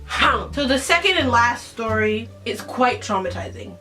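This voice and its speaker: High-voiced teen girl telling a story. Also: normal speed, recorded from a distance, faint music behind. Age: teens. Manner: animated, dramatic retelling with acted-out quotes. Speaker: vlogger. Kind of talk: casual storytime.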